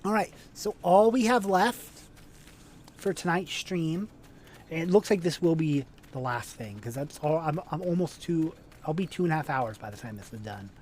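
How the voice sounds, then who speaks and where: A man's voice: fairly high pitch, expressive, moderate pace, darkish tone, slight background noise. A man streaming a video game, chatting casually in a rambling, self-deprecating way with false starts.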